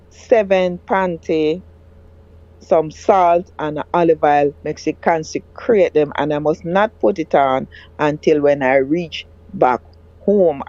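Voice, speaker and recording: A woman recounting a personal story as a guest, halting and often restarting her words. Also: sits low, dark tone, no room sound. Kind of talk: emotional personal account. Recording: dull lo-fi dry sound.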